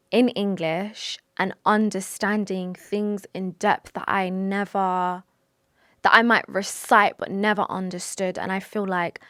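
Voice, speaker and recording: A woman's voice: mid-range voice, fairly bright tone, dry recording, clean studio sound. A young woman talking to camera about her faith, earnest and emotional, with sighs, restarts and Arabic religious phrases mixed in. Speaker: vlogger. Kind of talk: personal confessional talk to camera.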